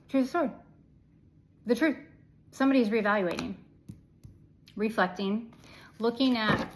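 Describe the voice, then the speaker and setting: Gravelly-voiced woman giving a tarot reading. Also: medium pitch, slight background noise, poor audio. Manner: chatty, affirming, swears casually, drops to whispers. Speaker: tarot reader. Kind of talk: casual tarot reading to camera.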